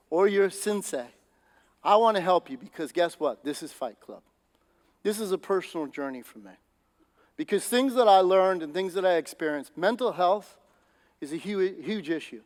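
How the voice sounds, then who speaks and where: A man preaching a sermon as pastor, telling stories in a loose, conversational and animated way. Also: sits high, in a large hall. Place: church sanctuary.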